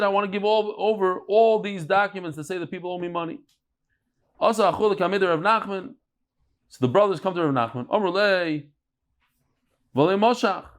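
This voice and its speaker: Lively man teaching a Talmud class. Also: high voice. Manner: storytelling, banters with students.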